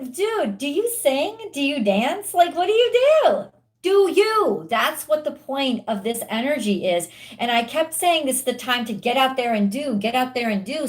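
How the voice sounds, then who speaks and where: A woman giving a live-streamed tarot reading, chatty with viewers, frustrated and swearing openly about her internet. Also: a little high.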